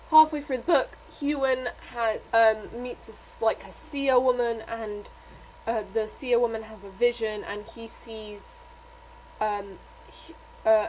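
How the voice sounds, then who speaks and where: A woman's voice: on the high side, slight background noise, rough recording. A young woman reviewing a book in a casual vlog, rambling with many fillers and getting emotional. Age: young adult.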